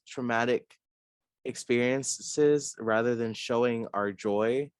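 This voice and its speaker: A man's voice: on the low side, measured pace, clean tone, no echo. A young man, an artist being interviewed, talking casually with many fillers and frequent laughs. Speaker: artist guest.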